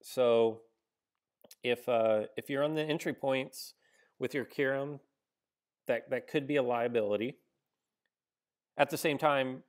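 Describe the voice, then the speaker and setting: A man with a mid-range voice streams a game he's playing, keeping the commentary loose and casual. He mulls things over aloud with plenty of ums, likes and restarts, and fits in answers to viewers between moves.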